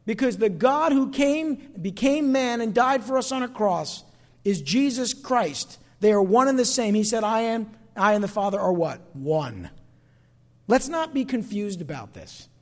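High-voiced preaching man in a reverberant hall. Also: expressive, measured pace. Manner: emphatic preaching with call-and-response. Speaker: pastor. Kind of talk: sermon. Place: church sanctuary.

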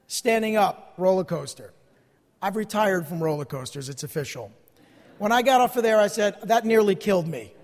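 A man in his forties preaching a sermon, earnest and conversational, asking his listeners questions. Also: sits high. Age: 40s. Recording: long hall reverb.

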